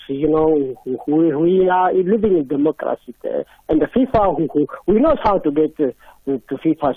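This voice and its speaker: Husky South African man on a tinny phone. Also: a little high, no room sound. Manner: halting, hesitant, many fillers. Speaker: caller. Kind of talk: radio call-in.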